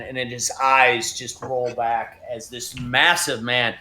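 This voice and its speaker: A man's voice: medium pitch, unhurried, bright, forceful tone. A man narrating as game master of a tabletop game, describing scenes in a casual way with fillers.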